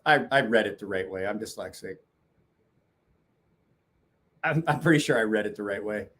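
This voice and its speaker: A man's voice: lowish voice, animated, moderate pace, fairly bright tone, slight background noise. A man in his forties hosting a casual knife-sharpening chat show from his garage, rambling, swearing and laughing often. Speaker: knife sharpening podcast host. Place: home garage.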